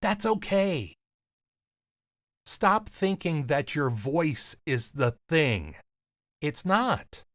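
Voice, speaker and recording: A man with a slight lisp, coaching on voiceover in an earnest, emphatic talk to camera with deliberate pauses. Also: on the high side, very animated, fairly bright tone, no room sound, studio quality. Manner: casual, swears lightly. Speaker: voiceover coach and podcast host.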